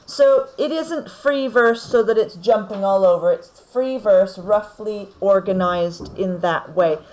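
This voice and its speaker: A woman teacher, slowly talking through a poem for her class and checking in with "okay?" as she goes. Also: mid-range voice, a little mellow, a little hiss or hum, low-quality recording. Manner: slow, deliberate explaining with frequent "okay?" checks. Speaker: English teacher. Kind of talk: recorded lesson on poetry.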